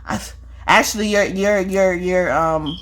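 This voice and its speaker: A woman's voice: lowish voice, a little slow. A woman giving a spiritual reading, talking straight at the viewer, profane and scolding, repeating her points and tagging them with "okay?". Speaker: spiritual reader. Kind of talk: confrontational spiritual vlog monologue.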